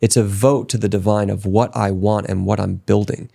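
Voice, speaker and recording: A man as a podcast guest, telling his own story in a casual interview, emphatic and motivational, and he grows more excited as he goes. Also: on the low side, normal speed, gravelly.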